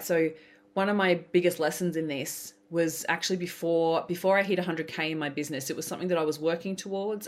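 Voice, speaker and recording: A woman speaking in a slightly low voice, chatting as a podcast guest. She tells stories with energy and acts out the quoted voices. Her talk is casual and flowing. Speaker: podcast guest, business coach. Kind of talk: casual interview chat.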